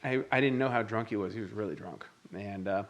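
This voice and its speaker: A man, a guest and former boss, telling animated personal stories in casual chat with some swearing. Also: fairly low pitch, a little fast. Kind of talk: casual storytelling.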